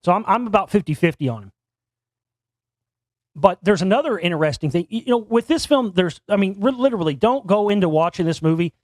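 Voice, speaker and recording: A man's voice: high-pitched, animated, brisk, no echo, clean studio sound. A man hosting a talk show alone, giving casual commentary into a desk microphone and rambling with many restarts and repeated words. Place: home studio near Dallas.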